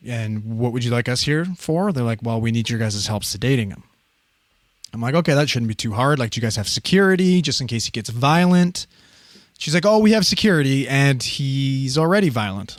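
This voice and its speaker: A man in his thirties telling a story on a podcast in a casual, profane, animated way, often laughing. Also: mid-range voice, brisk, no room sound.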